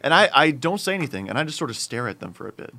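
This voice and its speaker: Young guy with a bright forceful voice, telling a work story, gets loud and worked up. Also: on the high side, rapid-fire. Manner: animated, builds up to loud exclamations. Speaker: storyteller in a group chat.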